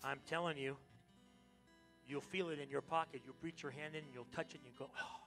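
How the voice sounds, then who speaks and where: An American man preaches in a church sanctuary, animated and playful with his congregation. His voice sits fairly high and has a gravelly edge. Quiet guitar plays behind him. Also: fairly quick. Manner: animated, joking with the congregation, sudden loud exclamations. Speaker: pastor. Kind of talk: lively Palm Sunday sermon.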